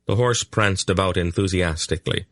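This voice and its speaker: Deep-voiced male audiobook narrator. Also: moderate pace, a bit bright, dry recording. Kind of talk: scripted narration.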